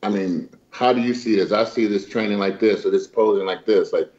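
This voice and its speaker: A man in his fifties telling a story in casual chat, animated and laughing as he acts out dialogue with slang. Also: fairly low pitch, a little fast, lo-fi sound, slight background noise. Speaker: guest.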